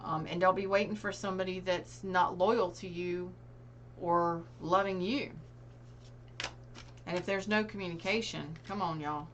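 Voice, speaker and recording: A woman reads tarot cards in a loose, conversational way. She speaks to her viewers directly and earnestly, her voice sitting a little low. A faint hum runs under the recording. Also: fairly even intonation, measured pace, fairly bright tone. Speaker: tarot reader. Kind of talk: casual tarot reading to camera.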